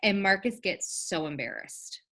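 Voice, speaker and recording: A woman's voice: medium pitch, expressive, normal speed, bright, forceful tone. A middle-aged woman co-hosting a casual podcast chat, talkative, laughing often and acting out quotes. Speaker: podcast co-host.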